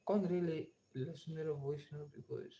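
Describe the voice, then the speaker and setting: A man's voice: a little high, fairly even intonation, normal speed, warm tone, roomy sound. Young man rambling on a livestream. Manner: loose, rambling slang talk with many fillers. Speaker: livestream host. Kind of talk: casual livestream chat. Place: home, alone. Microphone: phone.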